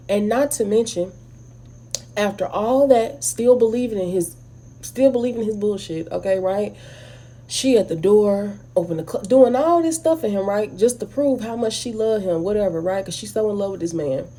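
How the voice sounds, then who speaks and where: A woman with an African American English accent giving a blunt, animated, casual movie review straight to her viewers. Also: mid-range voice, normal speed. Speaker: video host.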